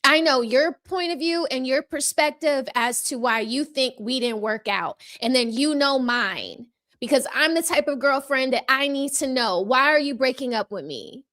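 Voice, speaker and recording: A woman's voice: high voice, normal speed, fairly bright tone. A woman hosting a casual livestream show from home, reading viewer comments and giving sassy, chatty commentary with frequent laughs. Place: home room with a window open. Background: dog barking.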